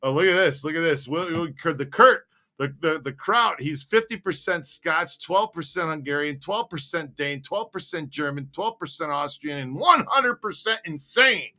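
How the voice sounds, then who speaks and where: A man's voice: fairly high pitch, moderate pace, hardly any pauses, pushed and bright. A man co-hosting a casual live-stream chat, joking around and laughing often. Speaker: co-host.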